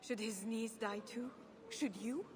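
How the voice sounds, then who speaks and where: An actress voicing a pious, grave queen in a game, who speaks in a solemn, measured way. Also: fairly high pitch, noisy background, close to an everyday voice. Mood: reproachful. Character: pious grave queen sheltering her people.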